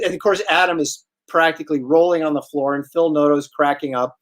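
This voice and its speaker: Chatty man telling a story. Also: fairly high pitch. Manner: lively storyteller, halting restarts. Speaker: host. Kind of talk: casual anecdote on a livestream.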